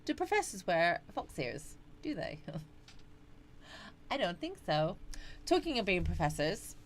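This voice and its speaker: Chatty woman, middle-aged, lowish voice, livestream host reading out comments, faint background hiss. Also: sing-song, takes it slowly. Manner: chatty, greets viewers by name, frequent yawns and laughs. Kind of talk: casual live chat reading out viewer comments.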